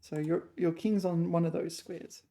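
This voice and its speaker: A woman chess player thinking aloud while solving puzzles, muttering her move calculations in short fragments, a little hoarse. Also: fairly low pitch, fairly even intonation, moderate pace, dark tone.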